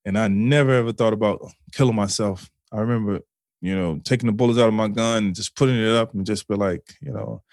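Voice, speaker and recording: A man's voice: lowish voice, steady tone, quick pace, darkish tone, no room sound, studio quality. A man as a podcast guest, telling a personal story in an earnest, emotional way, with swearing, fillers and frequent restarts.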